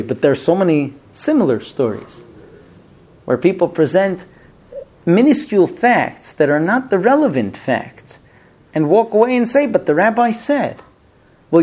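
Lively, animated rabbi teaching Talmud. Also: male voice, sits high. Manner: animated, acts out dialogues. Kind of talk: Talmud class lecture.

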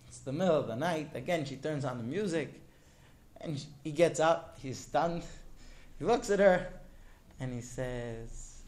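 A male teacher telling a story to his class in an animated way, often turning to ask the students directly. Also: on the high side, a little slow, long pauses.

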